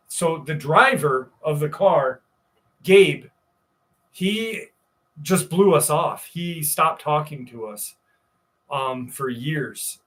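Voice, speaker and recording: A man's voice: on the high side, a bit bright. A man in his forties from New York, hosting a live stream and telling a rambling, profane story in a casual way. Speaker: show host.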